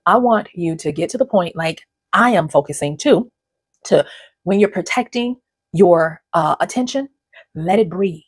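In a dry, studio-quality recording with no room sound, a woman with a lowish, husky voice talks to camera on her own channel. Her intonation is lively and her pace measured, but her casual commentary wanders, and she often restarts sentences and repeats words.

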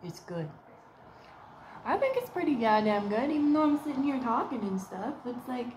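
High and sing-song, brisk, with a darkish tone and slight hiss or hum: that's this woman vlogging from home. She swears and wanders through topics as she talks to camera, slipping into put-on voices whenever she quotes someone.

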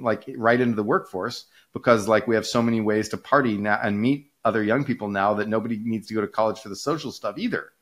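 A man with a lowish voice talks through economic ideas like a relaxed podcast host. He rambles, restarts his sentences and stacks up fillers, picking up speed when an idea grabs him. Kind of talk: casual conversational explaining.

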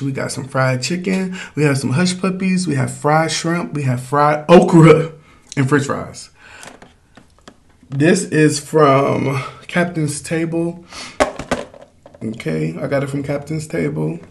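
A man's voice: a little high, takes it slowly, creaky. A man hosting a casual mukbang food vlog, chatting straight to his viewers in a loose, slangy way. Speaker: food vlogger.

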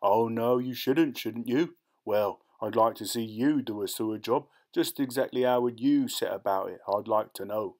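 A man voicing a sly, scornful ratcatcher who talks with rough grammar, boastful and secretive, in a storybook reading. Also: medium pitch, normal speed, natural voice. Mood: triumphant.

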